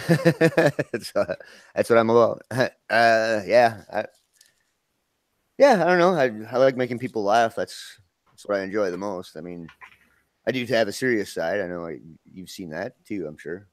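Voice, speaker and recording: A man's voice: fairly low pitch, lively intonation, normal speed, dry recording. A man, chatting casually as a guest and laughing often. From Minnesota. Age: 50s. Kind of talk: casual live-stream chat.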